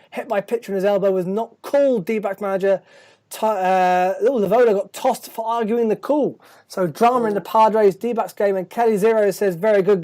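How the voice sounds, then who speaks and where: A man's voice: sits high, warm tone. A man hosting a live baseball chat show, tired and chatty, often stumbling over his words. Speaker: host.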